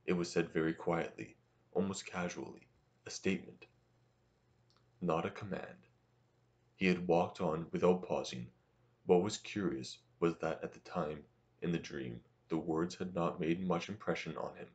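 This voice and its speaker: A man narrating a novel as an audiobook in a steady, measured reading. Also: deep voice, dull audio.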